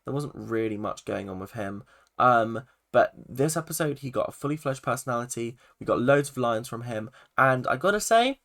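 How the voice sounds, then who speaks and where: A man's voice: mid-range voice, vocal fry, a bit bright. A young man casually reviewing a TV episode, rambling with lots of "like" and restarts. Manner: rambling, full of "like" and self-corrections. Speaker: film and TV reviewer.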